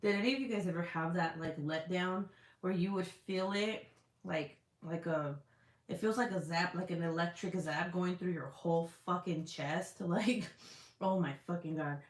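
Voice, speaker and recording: In a fairly low voice at normal speed, a woman talks casually to her livestream viewers. She's chatty and candid and swears freely, heard in a room with noticeable echo.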